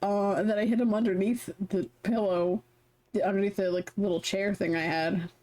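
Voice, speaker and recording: A young adult woman streaming, chatting casually and reading game text aloud in an animated, swearing manner. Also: mid-range voice, moderate pace. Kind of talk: casual chat while reading a visual novel aloud.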